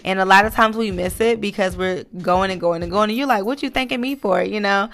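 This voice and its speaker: A woman hosts her own podcast in a relaxed, heartfelt monologue, full of "you know" and "um". Her voice has a gravelly fry to it, and soft music plays faintly underneath. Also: medium pitch, a little fast. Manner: earnest, motivational, many fillers. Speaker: podcast host. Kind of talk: casual encouraging monologue.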